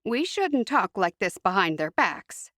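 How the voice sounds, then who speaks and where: A woman voicing a gentle, weary Amish mother. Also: medium pitch, big pitch swings, unhurried, no room sound, studio quality.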